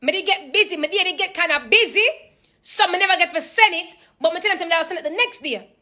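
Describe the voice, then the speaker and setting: A woman's voice: extremely high pitch, fast, pushed and bright, voice pushed up. A woman putting on the voice of her Jamaican mother, insistent and interrogating, speaking into a phone. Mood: explaining. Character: pushy Jamaican mother, middle-aged woman.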